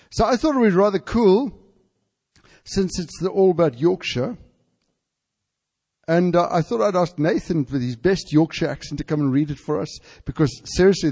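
A man preaching and telling a story to a congregation, halting with fillers and then building to fervent emphasis. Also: high voice, a little mellow. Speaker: pastor. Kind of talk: sermon storytelling. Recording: hall reverb.

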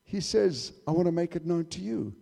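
A man preaching a sermon in church, emphatic, swinging between loud declarations and hushed asides. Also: a little high, expressive, moderate pace, vocal fry. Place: church hall. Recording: reverberant hall.

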